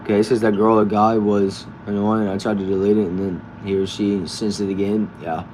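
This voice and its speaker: A man casually hosting a live stream from a backyard shed, reading viewers' comments aloud and answering them in a relaxed way. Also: on the low side, a little fast, a little hiss or hum. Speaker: livestream host reading chat.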